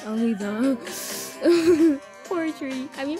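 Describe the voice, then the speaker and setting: A woman giving casual, excitable commentary while playing a game, gasping, giggling and squealing when scared. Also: high voice, takes it slowly, over music. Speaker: gamer recording her play.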